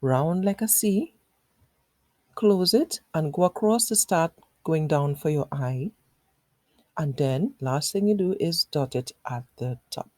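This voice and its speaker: Slow, patient woman teacher. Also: low-pitched, expressive, a little mellow, dry recording. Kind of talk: phonics lesson for young children.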